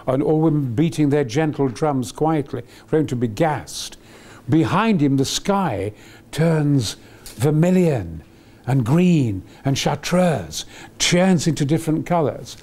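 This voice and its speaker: A man's voice: fairly high pitch, darkish tone. An older man, being interviewed as an actor, reminisces in an enthusiastic, rambling way with many fillers and restarts.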